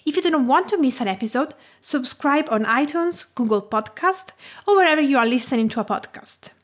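A woman's voice: high-pitched, expressive, brisk. A woman from Tuscany with an Italian accent, hosting a cooking podcast in scripted narration that lingers on food details. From Tuscany, Italy. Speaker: podcast host.

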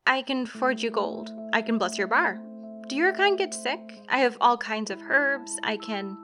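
A woman's voice: a little high, big pitch swings, unhurried, over music. A woman voicing a guarded, inhuman woman who poses as a witch, speaking blunt and clipped.

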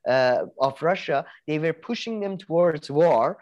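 A man's voice: fairly high pitch, lively intonation, measured pace, darkish tone, dull audio. A young adult man co-hosting a podcast in casual chat, rambling with lots of restarts and casual swearing. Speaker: podcast co-host.

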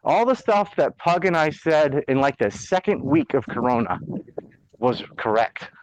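A man's voice: on the high side, big pitch swings, a little slow, low-quality recording. A man hosting a podcast, ranting bluntly and sarcastically with plenty of swearing in casual political chat. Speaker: podcast host.

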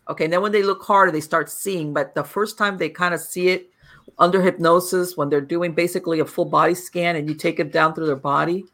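Bright-voiced woman podcast host. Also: deep voice. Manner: explanatory, checks in with "okay?". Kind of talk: interview, explaining hypnosis.

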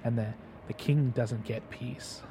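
A man's voice: mid-range voice, slow pace, background noise. A man in casual conversation, a father telling stories animatedly and acting out the quotes. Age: adult father. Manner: animated storyteller, acts out quotes. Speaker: podcast guest. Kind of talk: casual chat.

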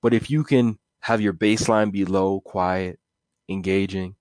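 Male podcast host, low and laid back, casual monologue with fillers. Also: measured pace, no echo, clean studio sound. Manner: relaxed and conversational, with many fillers.

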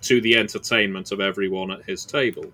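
Thoughtful man co-host with bright tone. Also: low-pitched, fairly even intonation, quick pace. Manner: thoughtful, hesitant with frequent "uh"s. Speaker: podcast co-host. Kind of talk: casual roundtable chat.

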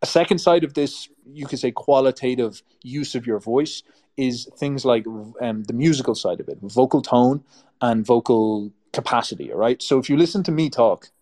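A man's voice: mid-range voice, moderate pace, mellow. An Irish man giving a blunt, profane advice monologue to camera, with a strongly musical, up-and-down intonation. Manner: blunt, emphatic and profane, ranting. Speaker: YouTube host.

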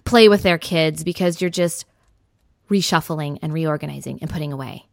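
A woman's voice: low-pitched, normal speed, creaky, no echo, studio quality. A woman hosting a podcast interview, speaking in an encouraging, reflective way. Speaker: podcast host. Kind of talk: casual interview chat.

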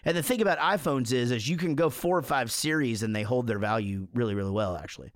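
A man's voice: medium pitch, quick pace, no room sound, clean studio sound. A man co-hosting a podcast who tells rambling, profane stories in a casual chat and laughs as he goes. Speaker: podcast co-host.

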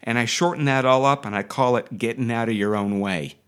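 A man's voice: mid-range voice, brisk, clean tone. A man teaching acting on a podcast, talking casually and enthusiastically, with restarts and digressions. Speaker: acting coach.

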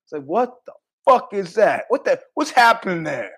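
A middle-aged man hosting a podcast, telling rambling stories in a casual, animated way, laughing often and swearing freely. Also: high-pitched, moderate pace, slightly rough. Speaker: podcast host.

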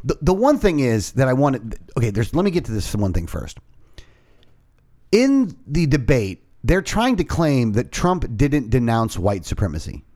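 A man's voice: medium pitch, moderate pace. A man co-hosting a podcast, talking politics in a casual, profane, ranting way. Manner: animated, profane, rants. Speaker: podcast co-host.

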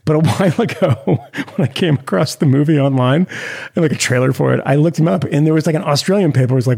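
A man co-hosting a podcast, talking in a rambling, animated way full of restarts and fillers. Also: fairly high pitch, fast talker, vocal fry, slightly rough. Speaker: podcast co-host. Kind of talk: casual chat.

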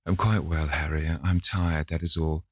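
A man as a weary, sighing young gentleman. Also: a bass voice, steady tone, moderate pace, breathy edge, no room sound, clean studio sound. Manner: sighing, listless. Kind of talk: audiobook character voice.

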